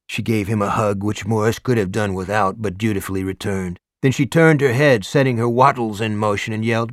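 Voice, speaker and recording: Low-voiced man narrating an audiobook. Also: moderate pace, no echo, studio quality. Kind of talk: scripted narration.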